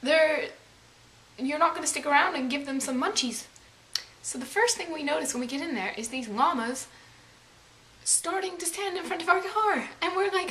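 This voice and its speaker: High-voiced young woman telling a dramatic story. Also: moderate pace, a little hiss or hum. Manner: dramatic, animated storytelling with swearing and bursts of yelling. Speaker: vlogger. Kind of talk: casual storytelling.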